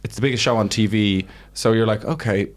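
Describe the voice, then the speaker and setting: A man's voice: on the low side, brisk. A man with an Irish accent, a guest comedian telling stories in casual podcast chat, acting out the people he quotes. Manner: animated storytelling, acts out quotes.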